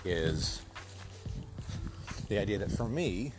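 A man's voice: on the low side, animated, takes it slowly. A man keeping a casual audio diary outdoors, thinking aloud and rambling with many restarts. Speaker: podcast host.

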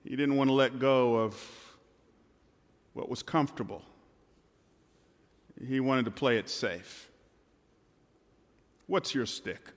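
A man preaching a dramatic sermon from a stage in a church hall, shifting between loud and hushed passages. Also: mid-range voice, takes it slowly, long pauses. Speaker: pastor.

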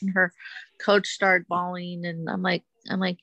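Woman athlete guest, bright edgy voice, dry close sound, lots of restarts. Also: lowish voice, level tone, creaky, no echo, rough recording. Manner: earnest, halting, repeats herself. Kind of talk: casual interview chat.

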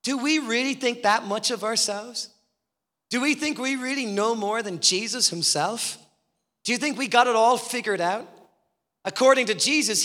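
A man's voice: extremely high pitch, pushed and bright. A man preaching a passionate sermon as a guest speaker in a church, driving his points home with repeated rhetorical questions. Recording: long reverb in a hall.

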